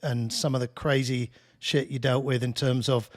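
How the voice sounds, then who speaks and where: A man hosting a laid-back podcast at an ordinary mid pitch. He asks questions in a loose, conversational way and laughs easily along with his guest. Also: normal speed. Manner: relaxed, chatty, laughs easily. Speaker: podcast host. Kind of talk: casual podcast interview.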